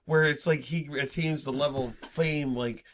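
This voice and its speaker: A man co-hosting a podcast in casual chat, excitable and laughing often. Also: fairly high pitch, moderate pace.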